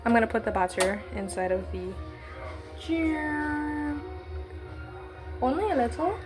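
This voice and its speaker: A woman's voice: mid-range voice, big pitch swings, quick pace. Slangy woman rambling thru a baking vlog, cheeky asides, music playing under her. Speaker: baking vlogger.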